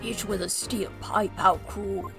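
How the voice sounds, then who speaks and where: A woman's voice: medium pitch, fairly even intonation, unhurried, creaky. A woman voicing an earnest young male defense attorney in a plain, near-natural voice. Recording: game music playing behind.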